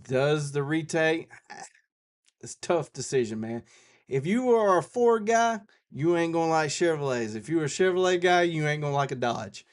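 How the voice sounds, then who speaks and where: A man with a Southern US accent, hosting a live stream and answering viewers' questions in a folksy, rambling way, thinking out loud as he goes. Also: fairly high pitch, lively intonation, normal speed. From South Carolina. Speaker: outdoors channel host.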